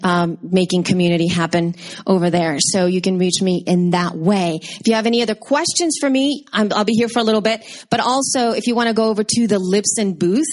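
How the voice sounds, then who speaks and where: A woman in her thirties giving a lively, conversational workshop talk and taking questions from the audience. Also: medium pitch. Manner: bubbly, expressive, conversational. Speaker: workshop presenter.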